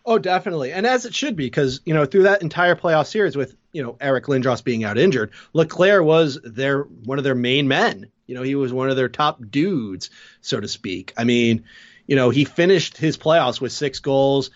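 A man's voice: mid-range voice, expressive, moderate pace, dry recording, dull audio. Joking man in a casual sports chat. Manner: joking, rambling, loose. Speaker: podcast co-host.

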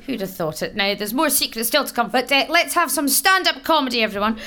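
A woman hosting a show, bubbly and upbeat as she introduces the acts. Her voice is high and bright, and it swoops up and down a lot. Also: animated, quick pace. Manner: bubbly, upbeat presenter patter. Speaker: TV show host.

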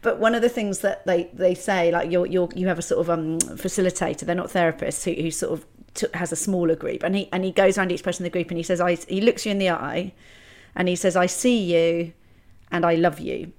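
A woman's voice: fairly low pitch, steady tone, quick pace, darkish tone. A middle-aged woman, talking candidly and reflectively on a podcast, often restarting her sentences. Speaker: podcast host. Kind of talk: casual conversation.

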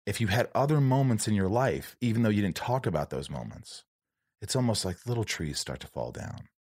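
A man's voice: fairly low pitch, expressive, fairly quick, a little mellow, no echo, clean studio sound. A man hosting a podcast, telling a personal story in casual chat and acting out the dialogue. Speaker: podcast host.

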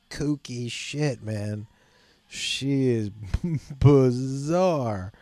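Man, podcast host, mellow dark voice, dry close sound, loose profane rambling. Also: medium pitch, no echo. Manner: rambling, profane, self-mocking with bursts of laughter. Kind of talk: casual late-night podcast rambling.

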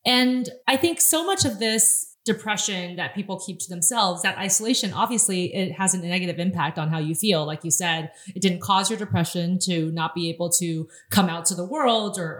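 A woman's voice: lowish voice, fairly bright tone, reverberant. A woman hosting an interview, reflecting back on what the guest said and asking thoughtful questions. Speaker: host.

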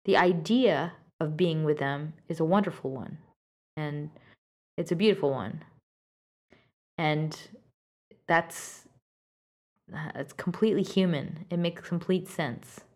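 A woman with a low voice delivers frank, directive advice to a listener. She talks in an earnest, unscripted way, full of "um"s and restarts. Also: slow, long pauses, darkish tone. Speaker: advice podcast host.

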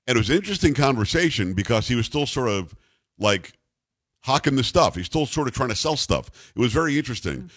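A man's voice: mid-range voice, sing-song, fast talker, a bit bright, no echo, clean studio sound. A middle-aged man hosting a radio talk show, rambling and teasing his co-hosts. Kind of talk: casual talk radio banter. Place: radio studio.

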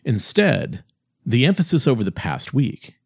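A man delivering a heated, sarcastic political monologue as host, with sharp emphatic swings in his voice. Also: medium pitch, huge pitch swings, measured pace, vocal fry, slightly rough, no room sound, studio quality.

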